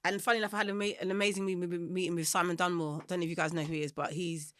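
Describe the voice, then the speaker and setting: A woman's voice: lowish voice, little pitch movement, very fast, a bit bright, no echo, studio quality. A singer-songwriter woman from South London with a London accent, talking candidly and directly in a podcast interview, laughing often and acting out the voices of people she quotes.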